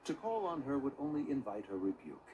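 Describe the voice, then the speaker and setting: A man voicing an aloof ancient beast adept who speaks in measured, archaic, formal sentences, in game dialogue. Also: medium pitch, big pitch swings, lo-fi sound, noisy background, close to an everyday voice. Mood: grave.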